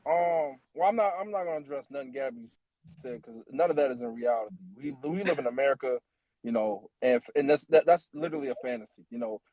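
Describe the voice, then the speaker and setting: A man's voice: mid-range voice, fast, warm tone, no echo, lo-fi sound. A man on a livestream panel speaking bluntly and defensively, with plenty of "you know" fillers.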